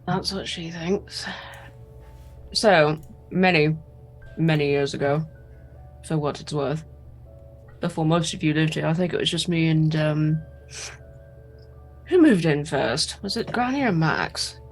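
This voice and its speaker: A woman's voice: deep voice, a little slow, pauses often, faint music behind. A woman player voicing a proud, possessive old vampire patriarch in tabletop role-play, stern but easygoing.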